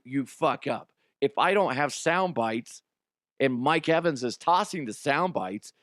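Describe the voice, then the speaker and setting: Guy hosting a show, cussing a lot, blunt and animated, dry sound. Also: medium pitch, dry recording. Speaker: show host, former radio producer. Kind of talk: casual storytelling.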